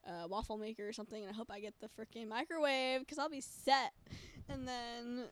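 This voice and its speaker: A woman's voice: a little high, fairly even intonation, brisk, smooth, no room sound. A teenage woman from California in casual chat, joking, giggly and rambling. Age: teens. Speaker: interviewee.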